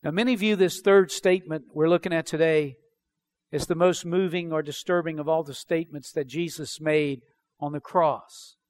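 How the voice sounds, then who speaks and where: High-voiced male pastor preaching. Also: fairly even intonation, normal speed, darkish tone. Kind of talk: sermon.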